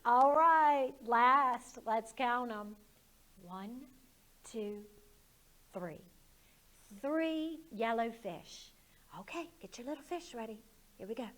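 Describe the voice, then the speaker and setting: A woman's voice: fairly high pitch, takes it slowly, a bit bright. A woman who works as a children's librarian, leading storytime and talking to small children in a sing-song, encouraging way.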